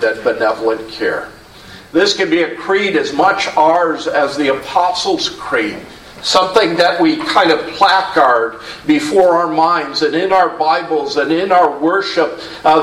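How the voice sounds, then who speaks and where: A man preaching a sermon in a measured, earnest way, asking the congregation questions. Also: a little high, fairly bright tone. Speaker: pastor. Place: church sanctuary. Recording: roomy echo, distant mic, faint hum.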